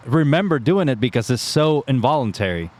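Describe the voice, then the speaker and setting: A man's voice: medium pitch, very animated, fairly quick, darkish tone. Laid-back man in casual chat. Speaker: podcast co-host.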